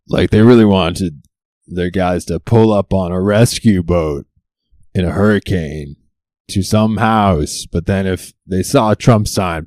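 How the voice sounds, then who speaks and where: A man with a low, dark voice riffs through a sarcastic comedy monologue as the show's host. He leans on rhetorical questions and unhurried timing. The sound is dry and close. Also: no room sound. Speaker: comedy talk show host. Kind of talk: stand-up style topical monologue.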